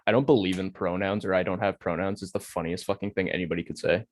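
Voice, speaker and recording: Young man, quick joking podcast co-host, very fast talk, dry close sound. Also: deep voice, fairly even intonation, dry recording. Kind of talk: casual chat.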